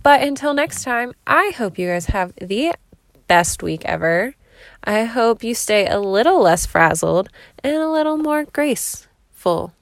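A woman's voice: on the high side, big pitch swings, unhurried, no room sound, clean studio sound. Chatty woman rambling from her car. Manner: rambling, chatty, laughs often. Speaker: podcast host. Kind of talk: casual solo podcast chat. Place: parked car.

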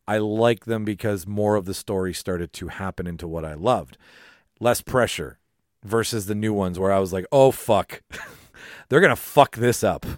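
A man co-hosting a podcast in casual chat, animated, laughing and swearing freely. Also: fairly low pitch, no echo, studio quality. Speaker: podcast co-host.

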